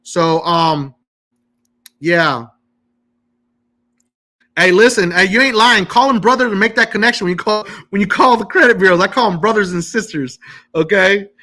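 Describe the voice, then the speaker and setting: High, bright-voiced man hosting a live Q&A. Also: normal speed, long pauses. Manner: emphatic, keeps checking in with "okay?". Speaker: credit repair host. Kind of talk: live-stream Q&A.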